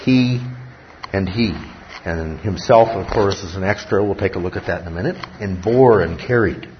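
A man's voice: low voice, moderate pace, slight background noise. A man preaching a sermon as pastor, stressing key words and checking in with the congregation as he teaches. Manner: emphatic teaching, often checks in with listeners. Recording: dull lo-fi sermon recording.

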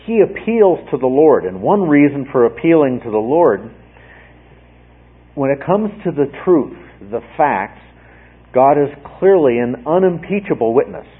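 A preacher leads a Bible study, teaching verse by verse in a conversational way, repeating words and often checking in with "okay?". His husky, mid-range voice swings widely in pitch and runs a little slow. The recording sounds like a tinny, phone-like radio broadcast.

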